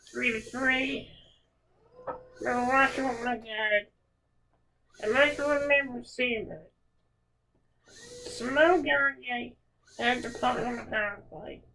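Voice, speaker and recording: Slow, creaky, heartfelt woman podcaster. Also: high-pitched, sharp tone, a little hiss or hum, low-quality recording. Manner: slow, heartfelt, repeats words for emphasis. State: emotional. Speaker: podcast host. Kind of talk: reflective podcast monologue.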